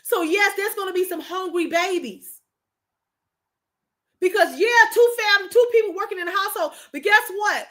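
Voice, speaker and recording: A woman from Michigan, USA, runs a casual livestream in an extremely high, fairly bright voice at a moderate pace. Emotional and preachy, she speaks emphatically to her viewers and keeps repeating herself.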